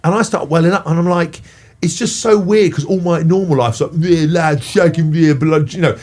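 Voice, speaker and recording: A middle-aged Englishman appears as a podcast guest, chatting casually about parenting at a moderate pace in a fairly high voice. He swears freely and gets animated when he rants.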